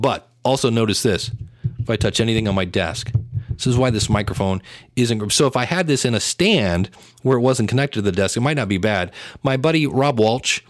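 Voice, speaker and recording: A chatty male podcast host walks through audio tips in a relaxed, self-deprecating way. His voice sits at a middle pitch and is close-miked on a studio microphone. The sound is dry and free of room echo. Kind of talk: casual how-to talk. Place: home desk setup. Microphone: dynamic studio mic, close.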